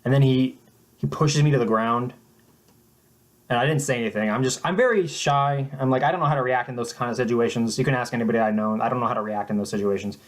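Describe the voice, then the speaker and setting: A young man telling a mock-serious story in a halting, deadpan way, often restarting his sentences. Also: mid-range voice. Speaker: vlogger.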